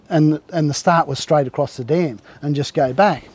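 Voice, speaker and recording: A man's voice: fairly high pitch, normal speed, few pauses, a little mellow, breathy edge. A man telling fishing stories in casual, rambling talk, with many restarts. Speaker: guest angler. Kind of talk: casual storytelling on a live show.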